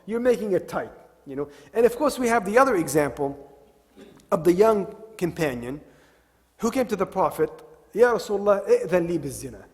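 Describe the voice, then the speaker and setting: A man with a fairly high voice gives a religious talk, retelling stories and circling back to repeat his main phrases. His words ring out with a long reverb in a large hall. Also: lively intonation, moderate pace. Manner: retells stories, repeats key phrases, mixes in Arabic devotional expressions. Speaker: religious lecturer. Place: Islamic center hall.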